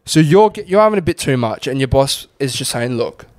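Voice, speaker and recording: A man's voice: medium pitch, expressive, fairly quick, no room sound. Give me a man co-hosting a podcast, casual and sweary, with a dry sound. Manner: swears a lot, reads listener stories aloud. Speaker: podcast co-host.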